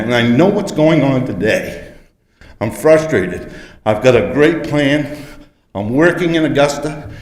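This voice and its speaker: A man in his sixties, emotional and frustrated, pleading his case during public comment at a city council meeting. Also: fairly high pitch. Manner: earnest, frustrated and pleading, growing forceful. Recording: echoey council chamber with long reverb.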